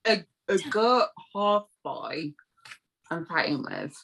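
A drunk woman playing a tabletop game, giggly with loud laughs. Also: on the low side, lively intonation, takes it slowly, vocal fry, slight background noise, poor audio. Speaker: player. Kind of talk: casual tabletop game play.

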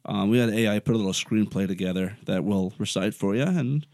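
A man's voice: fairly low pitch, quick pace, darkish tone, dry recording. Podcast host man, dry studio sound. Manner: easygoing, hosts the segments. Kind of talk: casual chat. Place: recording studio.

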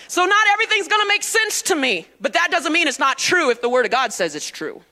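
Preaching in a church sanctuary, a woman pastor speaks in a high, pushed, bright voice, very animated and fairly quick. Her sermon is emphatic, calling on the congregation to answer back in call-and-response.

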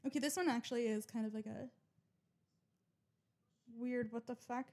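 A young podcast host delivers a casual confessional monologue about her odd habits. Her voice is on the high side with a darkish tone and normal speed, and she rambles bluntly, swearing often and poking fun at herself.

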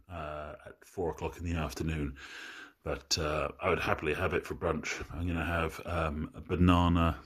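A man from northern Scotland co-hosting a casual podcast chat, a rambling and relaxed storyteller. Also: a bass voice, breathy edge.

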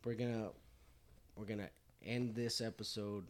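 A man's voice: on the low side, little pitch movement, moderate pace. A man hosting a podcast, chatting casually over beers, swearing and repeating phrases. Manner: repeats himself, casual and profane. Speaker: podcast host. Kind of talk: casual drinking chat.

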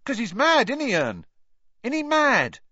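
A man voicing a brash, chatty young bus conductor, loud and excitable, on a dull lo-fi audiobook recording. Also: very high voice, unhurried, no room sound, voice pushed up, exaggerated voice. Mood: gossipy. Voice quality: loud, excitable, dropped grammar.

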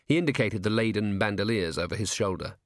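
Brief: wry, measured male narrator, dry close studio sound. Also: fairly low pitch, animated, no echo. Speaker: audiobook narrator. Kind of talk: scripted narration.

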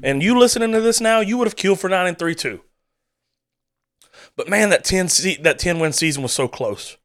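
A sports podcast host rants alone into the mic, swearing freely and tripping over his own restarts as he vents. His voice sits a little higher than most men's. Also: a little fast, a bit bright. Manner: fired-up, profane ranting with repeated restarts. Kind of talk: solo venting monologue.

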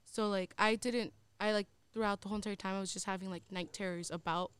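A young woman co-hosts a casual podcast chat. Her voice is smooth and clear, at a middle pitch, and she talks in a loose, rambling way, with plenty of "like" and casual swearing. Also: steady tone, fast, a bit bright. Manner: rambling storytelling full of "like" and swearing. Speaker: podcast co-host.

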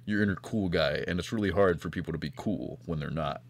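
A man with a low voice co-hosts a podcast, talking loosely and joking with friends. His sound is close and dry, with no room around it. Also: a little fast, creaky, no echo. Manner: rambling, joking, swearing. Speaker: podcast co-host. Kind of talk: casual chat.

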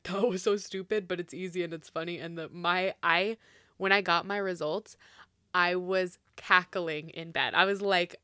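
A woman's voice: fairly low pitch, bright, forceful tone, no room sound, studio quality. A young woman hosting a casual chat, talking loosely with lots of fillers and laughing often. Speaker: podcast co-host.

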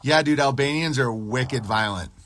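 A man with a medium-pitched, fairly bright voice speaks at a normal speed while hosting a casual livestream podcast. He rants crudely and profanely, rambling and bragging as he responds to his live chat.

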